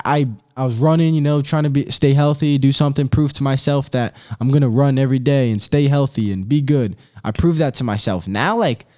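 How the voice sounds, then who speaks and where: A man's voice: medium pitch, darkish tone. A man in his twenties hosting a casual podcast chat. He rambles in loose slang, swears freely, and keeps throwing in "bro" and "dude". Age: 20s. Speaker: podcast host.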